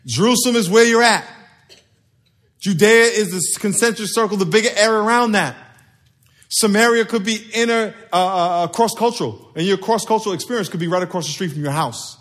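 High-voiced man preaching a sermon. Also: fairly quick, a bit bright. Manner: conversational, playful preaching with call-and-response. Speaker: pastor. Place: church sanctuary.

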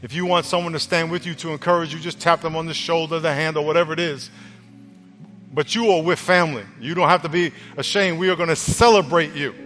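Brief man, pastor, earnest conversational preacher, slightly high pitch, church hall reverb with faint music. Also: steady tone, fast, fairly bright tone. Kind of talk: sermon and altar call. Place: church auditorium.

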